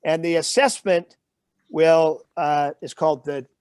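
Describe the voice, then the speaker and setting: Male guest trainer, a fairly high voice, dry close sound, explains in plain everyday examples. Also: fairly even intonation, a little slow, darkish tone, smooth, dry recording. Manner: explains with everyday examples and stops to check in with "okay?". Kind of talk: interview explanation.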